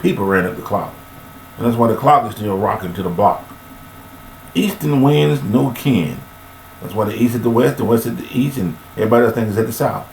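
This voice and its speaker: A man giving a rambling, preachy monologue about forgiveness, recorded on a webcam, with sudden high-pitched bursts of emphasis. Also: fairly quick, a little mellow, roomy sound, a little hiss or hum, poor audio.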